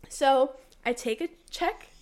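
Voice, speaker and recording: A young woman co-hosting a casual podcast, telling stories animatedly, acting out quotes, with many "like" fillers. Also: high-pitched. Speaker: podcast co-host. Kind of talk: casual storytelling chat.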